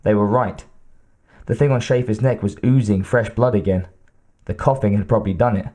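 A man narrating an audiobook in a measured, steady reading. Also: fairly low pitch. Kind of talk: scripted narration.

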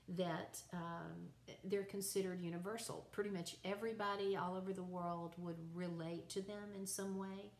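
Low-voiced woman teacher, echoey room. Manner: relaxed, conversational explaining with fillers and restarts. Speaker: college writing teacher. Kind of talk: recorded online lecture.

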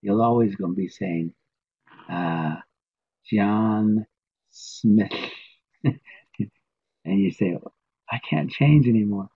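A man's voice: deep voice, lively intonation, a little slow, vocal fry, pauses often, husky, muffled recording. A man teaching a language lesson, patiently repeating each word many times.

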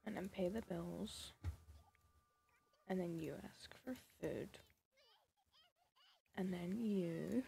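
A woman's voice: on the low side, takes it slowly, vocal fry, pauses often, warm tone. A woman giving casual, sarcastic commentary over a life-sim game, scolding the characters and often dropping to a whisper. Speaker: gaming video creator.

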